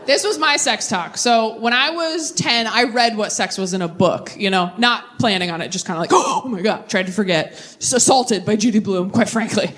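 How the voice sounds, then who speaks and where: A young woman doing a stand-up set with crowd work, chatty and animated, drifting into tangents and catching herself. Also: a little high, normal speed, a little hiss or hum. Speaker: stand-up comedian. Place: comedy stage before a live audience. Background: audience laughter.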